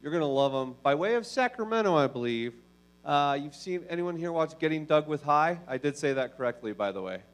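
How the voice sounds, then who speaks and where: A man emceeing at a comedy club, hyping up the next act in a quick, casual way. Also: a little high, lively intonation. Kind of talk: introducing comedians.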